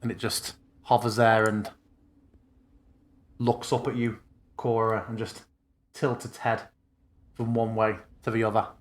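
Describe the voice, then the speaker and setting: A man narrating as game master in a casual, loose way, pausing with ums while he checks rules. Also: lowish voice, level tone, slight background noise.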